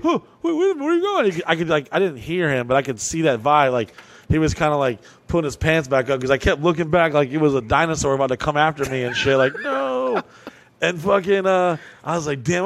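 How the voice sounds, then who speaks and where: A man with a somewhat high, gravelly voice tells a raunchy story on a podcast, swearing constantly and leaning on "like" between every phrase. He is from Kentucky, and the sound is dry and close, with no room around it. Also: dry recording. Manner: profane, animated storytelling with lots of "like". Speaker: podcast host. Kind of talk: casual storytelling.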